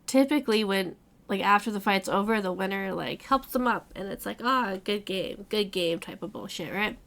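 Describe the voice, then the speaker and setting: A woman hosting a casual book club chat, recapping the plot in animated retellings full of quoted lines and swearing. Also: mid-range voice, moderate pace.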